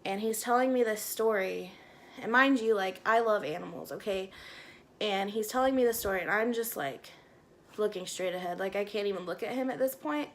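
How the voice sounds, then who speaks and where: A woman chats through a personal story for her vlog, rambling along with fillers and quick self-corrections. Her voice has a noticeable gravelly fry, and her pitch sits in a middle range for a woman. There is a faint hiss behind her. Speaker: vlogger telling a personal story. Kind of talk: casual storytime chat.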